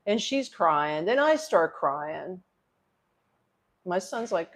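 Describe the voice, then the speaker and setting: A woman's voice: mid-range voice, big pitch swings, slow. A middle-aged woman chats casually with her live audience, telling a story in a loose, rambling way. She is openly emotional and speaks directly to the people watching. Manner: rambling, emotional, talks straight to viewers. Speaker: livestream host.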